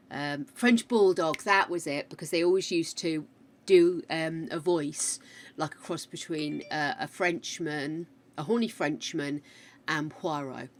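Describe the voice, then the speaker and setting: A woman's voice: sits low, a little hiss or hum. A British woman streaming a game, rambling chattily through a story and answering her chat. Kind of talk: casual chat while gaming.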